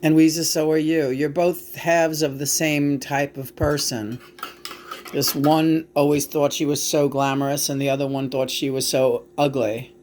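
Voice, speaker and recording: A woman channeling the spirit of a dead male rock star, speaking slowly in a stern, lecturing way. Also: deep voice, flat delivery, darkish tone, slight background noise, voice pushed down. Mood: scolding.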